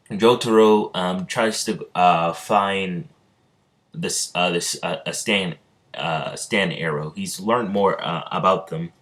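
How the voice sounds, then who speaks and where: A man's voice: low voice, slow pace, a bit bright. A man casually narrating an improvised fan story, rambling with many hesitations. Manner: rambling, many fillers and restarts.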